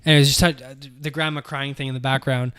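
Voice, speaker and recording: A man co-hosting a podcast, chiming in with quick, blunt asides. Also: mid-range voice, level tone, fairly bright tone, clean tone. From Canada. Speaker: podcast co-host. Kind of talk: casual podcast chat.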